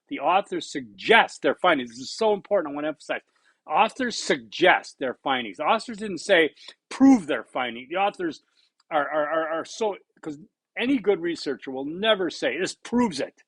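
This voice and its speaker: A man's voice: on the high side, a bit bright, breathy edge, no room sound. Blunt man in his sixties lecturing. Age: 60s. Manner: blunt, conversational, repeats points for emphasis. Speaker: college instructor. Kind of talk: recorded course lecture.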